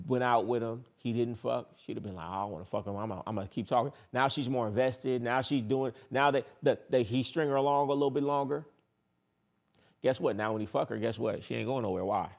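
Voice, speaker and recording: A man's voice: mid-range voice, gravelly, a little mellow. A man hosting a dating advice talk in a casual monologue, blunt, boastful and profane, who repeats his points for emphasis.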